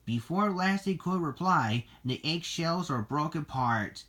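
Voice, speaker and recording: A reader narrating a children's storybook in a slow, deliberate way. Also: mid-range voice, animated, fairly bright tone.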